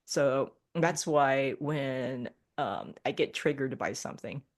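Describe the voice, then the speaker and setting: A woman with a low voice speaks as a podcast guest. She talks in a reflective, casual way and laughs often. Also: animated, slow pace. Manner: reflective, acts out her own thoughts, laughs often. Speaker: guest, Reiki practitioner.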